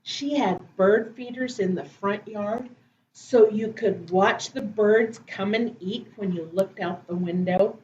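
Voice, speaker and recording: A woman teacher reading picture books and poems aloud to preschoolers in a slow, gentle, sing-song way. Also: mid-range voice, roomy sound, muffled recording, a little hiss or hum. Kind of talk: children's storytime reading.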